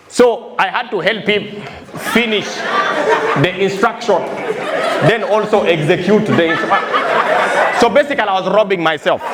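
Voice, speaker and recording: A man with a Ugandan accent performs stand-up comedy in a high voice, telling stories through quoted back-and-forth. He is recorded live in a roomy hall. A loud crowd fills the background. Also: very noisy. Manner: storytelling with quoted voices, repeated "I said". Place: live comedy venue with a laughing audience.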